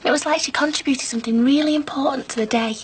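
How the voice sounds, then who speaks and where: An actress playing a young bride who apologises and pleads to make peace. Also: female voice, sits high, steady tone, quick pace, slight background noise, close to an everyday voice. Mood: coaxing.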